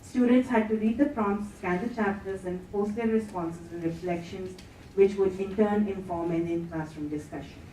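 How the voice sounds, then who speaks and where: A woman giving a measured academic lecture as a conference plenary speaker. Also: mid-range voice, fairly even intonation, warm tone, recorded from a distance, a little hiss or hum. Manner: measured, reads quotes aloud. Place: conference hall. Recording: echoey hall, speaker heard from afar.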